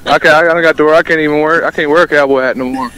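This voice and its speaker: A man's voice: fairly high pitch, fairly even intonation, racing, a crowd in the background, poor audio. Laid-back Southern-born man on the phone. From Alabama. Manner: easygoing, laughs a lot. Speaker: country musician guest. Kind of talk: casual phone interview.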